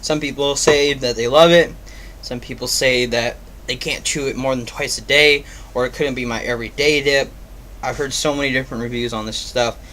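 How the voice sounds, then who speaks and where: A man's voice: mid-range voice, fairly even intonation, normal speed, fairly bright tone, slight background noise. Rambling man, casual reviewer. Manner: rambling, filler-heavy, offhand. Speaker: product reviewer.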